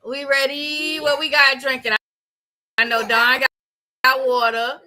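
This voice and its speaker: A woman hosting a casual chat show, talking loudly and emphatically with lots of laughter. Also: high-pitched, little pitch movement, measured pace. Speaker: host.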